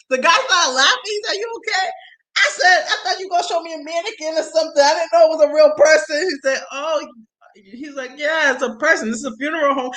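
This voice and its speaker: A woman telling a personal story in casual chat, animated and laughing often, her voice jumping to loud shrieks when excited. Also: high voice, normal speed. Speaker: host.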